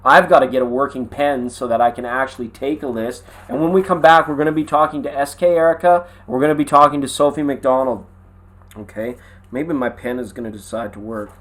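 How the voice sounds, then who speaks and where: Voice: medium pitch, a bit bright. A tarot reader hosting a live stream, talking in a chatty, rambling way with slangy asides. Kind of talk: casual live tarot reading.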